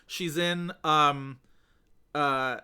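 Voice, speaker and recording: A male podcast co-host chatting casually, rambling through asides and fillers. His voice is bright and a touch high. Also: fairly even intonation, very slow, clean tone. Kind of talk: casual chat.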